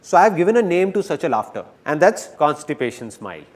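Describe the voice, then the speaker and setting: A man giving a dubbed motivational seminar talk, speaking to the audience in an animated and playful way. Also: fairly high pitch, quick pace, background noise.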